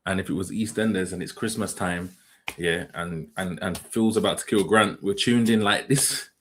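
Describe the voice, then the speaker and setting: A man with a low, deep voice hosts a livestream. He reacts casually and thinks out loud, tossing questions to his audience. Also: normal speed, a little hiss or hum. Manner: musing, asks questions aloud. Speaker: livestream host.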